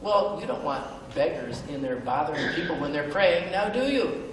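Speaking at normal speed in a slightly high, very animated voice, a middle-aged man shares an earnest, self-deprecating personal story at a benefit, hesitating with ums. The mic sits far away in an echoey event hall with faint background noise.

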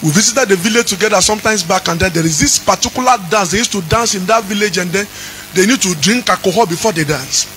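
Pastor, male, high pitched, sing-song preaching over faint music. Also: quick pace, low-quality recording. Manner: chanting, rising into shouts. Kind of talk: sermon.

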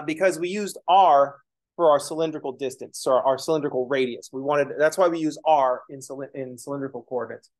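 A man teaching a math lesson in a casual lecture style, explaining as he writes and slipping in joking, self-deprecating asides. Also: on the high side. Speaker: math instructor.

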